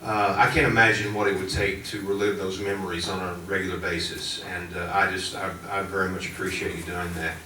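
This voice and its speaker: A man, a history teacher, asks a question from the audience, polite and halting. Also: low voice, level tone, pushed and bright. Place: large college hall. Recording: echoey hall from far off, faint noise.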